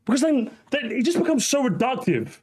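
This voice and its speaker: A man's voice: extremely high pitch, very animated, brisk, a little mellow, husky. A young man hosting a reaction commentary, ranting, mocking and swearing as he talks. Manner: ranting, mocking, profane, laughing. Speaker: commentary host.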